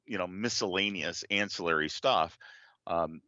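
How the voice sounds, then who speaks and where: Deep-voiced, bright-toned man, dull audio. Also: moderate pace, no echo. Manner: earnest, explanatory, many fillers. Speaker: guest drone legal advocate. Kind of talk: casual interview talk.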